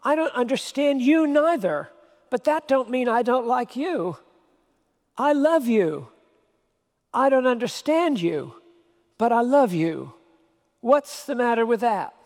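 A man's voice: sits high, animated, measured pace, vocal fry, darkish tone, heavily acted. A man voicing a sweet, unschooled young woman in love, speaking plainly and earnestly. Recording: long hall reverb.

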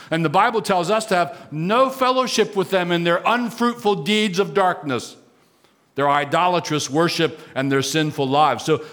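A man preaching a sermon, moving between quiet, conversational asides and raised, emphatic declarations. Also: high-pitched. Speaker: pastor.

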